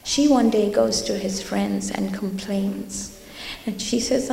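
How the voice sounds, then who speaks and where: A woman's voice: medium pitch, fairly even intonation, measured pace, vocal fry, dark tone, slight background noise. A woman giving an earnest religious talk, urging her listeners and telling stories. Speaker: religious lecturer. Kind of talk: religious talk to a youth audience. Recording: echoey hall with long reverb.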